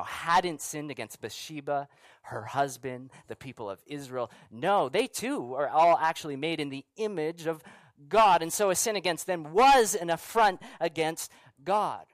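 Pastor, man, middle-aged, chatty sermon delivery with rhetorical questions, slightly high voice, dry close sound. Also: normal speed, dry recording. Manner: conversational preaching with frequent rhetorical questions and asides.

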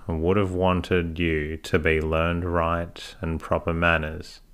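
A man's voice: deep voice, monotone, takes it slowly, fairly bright tone, smooth. A man reading the part of a stern older woman who scolds a girl in folksy rural speech, withering and sniffing. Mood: solemn. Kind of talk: audiobook reading.

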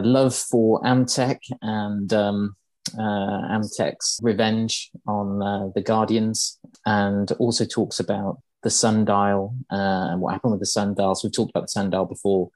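A man's voice: fairly low pitch, little pitch movement, measured pace, a little mellow, no echo. A man hosting a podcast, casually explaining game lore with many ums and uhs. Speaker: podcast host.

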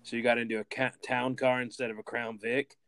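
A man's voice: mid-range voice, little pitch movement, a little fast, a bit bright. A man with an ordinary mid-range voice chats with his co-host. He teases him and keeps pressing for details with questions. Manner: teasing, questioning. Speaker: podcast co-host. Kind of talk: casual chat.

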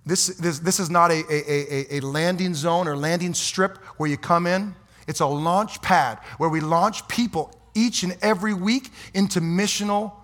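A man preaching a fiery, folksy sermon as pastor in a church, swinging from quiet asides to loud exhortation. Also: on the high side. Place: church sanctuary.

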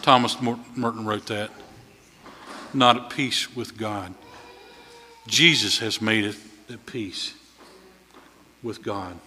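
A man preaches in a church, telling folksy stories with a bright, forceful voice. His voice swells louder at key points, and a long reverb trails after his words in the hall. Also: fairly low pitch, fairly even intonation, slow pace, long pauses, husky. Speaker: visiting preacher. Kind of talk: sermon. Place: church sanctuary.

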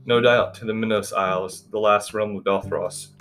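A man reading the lines of a grave, sorrowful old elder mage in a storybook, in a measured, solemn way. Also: fairly low pitch, fairly even intonation, a bit bright, faint music behind, natural voice.

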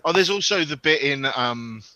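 A man's voice: a little high, animated, normal speed, bright, forceful tone, no echo, dull audio. A man playing in a tabletop game, chatting casually and joking. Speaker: player.

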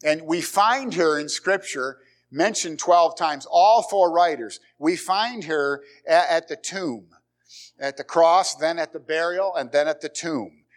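A man preaches to his congregation in a church, his voice sitting a little high for a man. He talks conversationally and builds his points through repeated phrases and dramatic pauses. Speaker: pastor. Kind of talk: sermon. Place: church sanctuary.

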